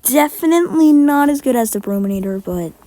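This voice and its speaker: A woman's voice: sits high, animated, fairly quick, dark tone. A woman giving rambling, casual commentary while ranking video game characters, a little sick and short of breath. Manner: rambling, chatty, self-correcting. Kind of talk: casual tier-list commentary.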